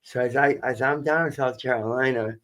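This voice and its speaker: A man's voice: medium pitch, fairly even intonation, brisk, fairly bright tone. A man with a Boston accent telling his story as a podcast guest, candid and rambling, swearing and repeating himself. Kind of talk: casual storytelling.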